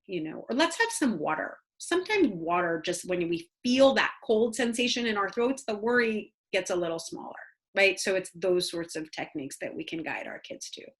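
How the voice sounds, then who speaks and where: A woman's voice: mid-range voice, expressive, normal speed, fairly bright tone. A woman child psychologist giving practical parenting advice in a conversational talk, with earnest storytelling full of "um"s and "you know"s. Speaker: child psychologist guest speaker.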